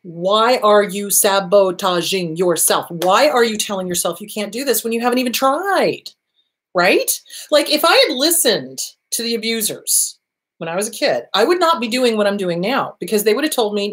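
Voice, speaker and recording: Animated woman host giving therapy advice. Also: medium pitch, normal speed. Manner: animated, acts out inner voices and quotes. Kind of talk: casual advice talk.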